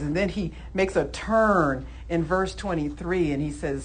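A woman preacher giving a Sunday sermon, emphatic, acting out heated prayers and then settling into calm teaching. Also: fairly low pitch, moderate pace, few pauses, a little hiss or hum. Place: church service.

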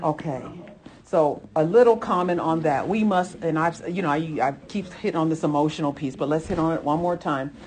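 A woman preaching a sermon in a lively, chatty way, often laughing and calling her listeners folks and honey. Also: deep voice, fairly quick.

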